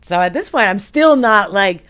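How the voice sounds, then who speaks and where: At a medium pitch and moderate pace, a woman guest on a podcast chats casually through her story. She swears freely, laughs often, stays animated, and performs the lines people said to her.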